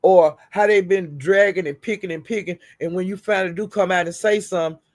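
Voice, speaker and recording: A woman's voice: lowish voice, fairly even intonation, a little fast, darkish tone. A woman hosting her own livestream, telling stories in a profane, laughing, casual rant. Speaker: livestream host.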